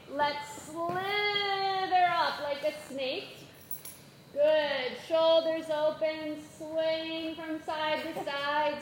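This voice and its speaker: A woman with a high, light voice guides a children's yoga class in an unhurried, gentle way, cheering the kids on. She sounds a little echoey in the room, with some faint noise behind her. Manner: gentle, encouraging, playful instructions. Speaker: yoga teacher.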